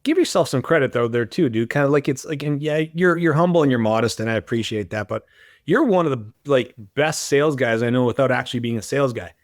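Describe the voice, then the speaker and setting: A man's voice: mid-range voice, quick pace, no room sound, studio quality. Casual encouraging male podcast host. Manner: casual and encouraging, calls the guest buddy and dude. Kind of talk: conversational interview.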